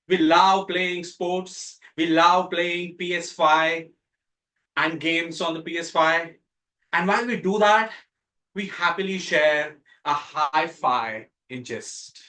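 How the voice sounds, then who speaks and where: A middle-aged man from India with an Indian English accent, giving a prepared contest speech with dramatic pauses and emphatic rises. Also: high-pitched, sharp tone, poor audio. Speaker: contest speaker. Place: club meeting room.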